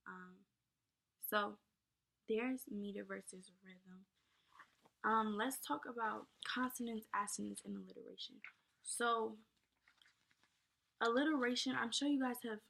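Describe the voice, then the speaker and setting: A woman's voice: mid-range voice, gravelly, fairly bright tone. A young woman explaining poetry terms in an informal lesson, casual and chatty with many fillers. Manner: casual, many ums and likes, addresses viewers as y'all. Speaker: teacher.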